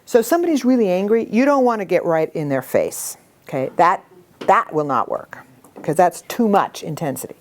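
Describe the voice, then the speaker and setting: A middle-aged woman teaching a communication workshop to a live group, talking in a lively, animated way. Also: on the low side, brisk. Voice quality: animated storytelling with acted quotes. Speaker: workshop instructor.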